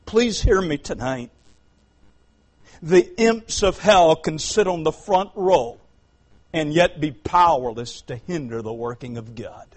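A man with a Southern US accent preaching a revival sermon, moving between quiet storytelling and loud, high-pitched preaching. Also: unhurried, poor audio.

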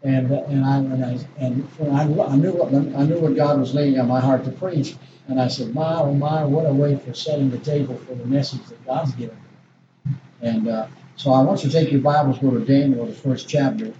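A man's voice: mid-range voice, steady tone, fairly quick, dull audio. Older male preacher, echoey and distant. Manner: folksy, rambling storytelling with restarts. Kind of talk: sermon. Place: church. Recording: distant echoey church recording with noise.

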